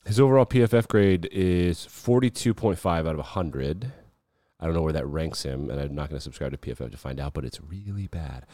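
Low-voiced man mocking in sports talk. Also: brisk, mellow, dry recording, studio quality. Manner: blunt and mocking. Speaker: podcast host. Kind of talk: casual sports commentary.

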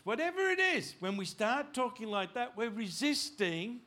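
A male pastor delivers a sermon with a high, bright and sharp voice. He preaches in an animated, unscripted way, often restarting and repeating words. His voice climbs loud and urgent in places. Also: moderate pace, few pauses. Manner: animated preaching, rising loud when voicing God.

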